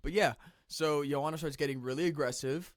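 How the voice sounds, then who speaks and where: A man hosting casual reaction commentary. He talks conversationally with restarts and clears his throat now and then, a little phlegmy from the cold. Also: on the high side, fairly even intonation, a little fast, dry recording, studio quality. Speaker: commentary channel host.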